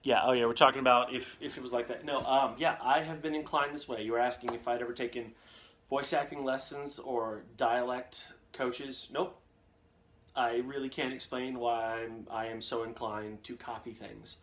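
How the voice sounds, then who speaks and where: A young man hosting a live Q&A about voice acting, talking casually and at a middling pitch. He wanders from one anecdote to another, padding his sentences with fillers and restarts. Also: steady tone, normal speed, fairly bright tone, a little hiss or hum. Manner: rambling storyteller, jumps between anecdotes with many fillers. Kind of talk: casual live-stream chat.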